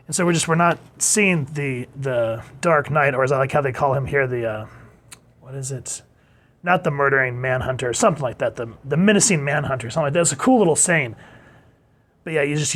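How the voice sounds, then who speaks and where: A man with a slightly higher-than-usual voice chats through a comic book review. He is enthusiastic and loose, sometimes slipping into playful voices as he reads lines aloud. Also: a bit bright. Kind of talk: casual review monologue.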